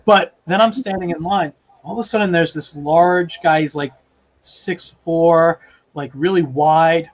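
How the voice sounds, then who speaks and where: High-voiced man telling a story, lo-fi. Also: a little slow. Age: 40s. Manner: animated, acts out quoted voices. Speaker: guest artist. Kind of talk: casual storytelling.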